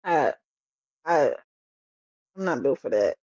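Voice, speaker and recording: Female co-host, animated pitch, exasperated and laughing delivery, dull remote audio. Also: slow pace, breathy edge. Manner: expressive, laughing, exasperated parenting rant. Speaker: podcast co-host. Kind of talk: casual chat.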